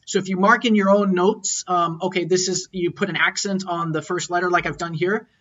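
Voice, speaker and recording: A man's voice: high voice, fairly even intonation, fairly quick, a bit bright, dull audio. A man teaching a recorded lecture, explaining and repeating words as he models tones aloud. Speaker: language teacher.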